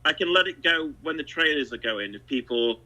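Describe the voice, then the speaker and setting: A man in a casual chat, talking in a measured way. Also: on the high side, expressive, pushed and bright, low-quality recording.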